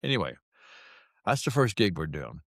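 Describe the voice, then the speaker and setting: A man's voice: fairly low pitch, very animated, normal speed, vocal fry, a bit bright, no room sound, clean studio sound. Wry, folksy man in his sixties. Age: 60s. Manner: wry, folksy, self-mocking humor. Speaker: vlogger. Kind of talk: casual storytelling to camera.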